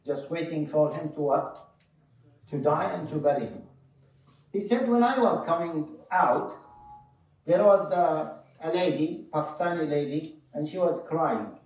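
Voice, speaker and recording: A man preaching a sermon, telling a story with passion, shifting between loud stresses and hushed moments. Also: on the high side, unhurried. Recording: very echoey hall, mic at a distance.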